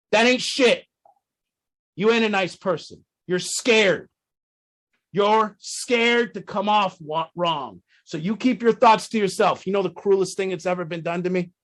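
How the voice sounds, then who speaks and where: Blunt, profane man with a high voice. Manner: rhetorical questions, swings loud and high when worked up. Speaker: group leader. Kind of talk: group talk on addiction recovery.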